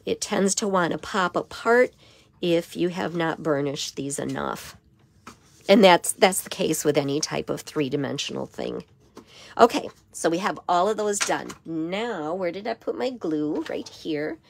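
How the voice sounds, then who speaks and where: A hoarse woman with a raspy voice giving a step-by-step papercraft tutorial in her craft studio. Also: fairly low pitch, lively intonation, a little slow. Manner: step-by-step instruction with frequent okays. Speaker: papercraft demonstrator.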